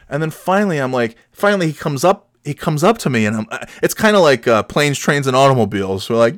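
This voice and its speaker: A man's voice: mid-range voice, lively intonation, fast talker, few pauses, fairly bright tone, dry recording, studio quality. A middle-aged man hosting a podcast, telling a comic story in a rambling, self-mocking way that drops into mumbles. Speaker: podcast host.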